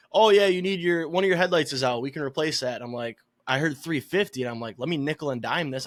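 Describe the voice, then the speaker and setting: A young man with a Michigan accent co-hosting a sports podcast, telling long rambling stories in casual chat, swearing freely and getting louder as he vents. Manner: rambling storytelling, swears freely, gets louder and higher when worked up. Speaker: podcast co-host.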